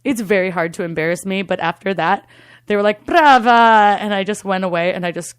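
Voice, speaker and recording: A young adult woman, a comedian, telling a story in a casual interview, animated and swearing, acting out the voices of the people in it. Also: lowish voice, quick pace, clear, resonant tone, dry recording, studio quality. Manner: animated, swearing, acts out voices in her stories. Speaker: comedian and singing waiter.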